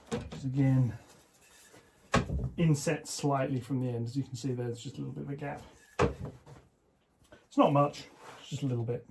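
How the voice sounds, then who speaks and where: A man's voice: medium pitch, noisy background. A man casually narrating his model railway build as a hobby vlogger, chatty and self-deprecating with plenty of fillers.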